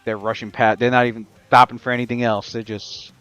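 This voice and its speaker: A man's voice: mid-range voice, level tone, fairly quick, fairly bright tone, clean tone, no echo, dull audio, faint music behind. A man running a tabletop game as game master, narrating the scene and working out damage aloud with many fillers.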